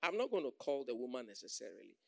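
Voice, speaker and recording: A man preaching a sermon as pastor, calling for amens, acting out quoted voices and swinging between loud calls and soft asides. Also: mid-range voice, sing-song, quick pace, vocal fry, no room sound, clean studio sound.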